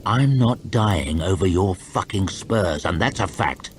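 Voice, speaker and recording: A man's voice: low voice, expressive, measured pace, a little hiss or hum. A man voicing a hardened male warrior who talks in blunt grunts. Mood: gruff.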